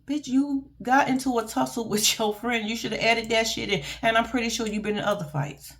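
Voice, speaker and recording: A woman giving a casual, profane and animated reaction vlog about a reality TV show, speaking. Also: on the high side, a little fast. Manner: blunt, profane, animated and laughing. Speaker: reality TV commentator.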